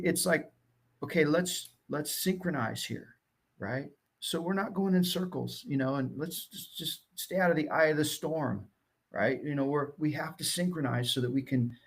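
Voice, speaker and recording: A middle-aged man, a guest, telling stories in an animated way that swings between loud and soft. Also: a little high, gravelly, slightly rough. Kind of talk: casual storytelling.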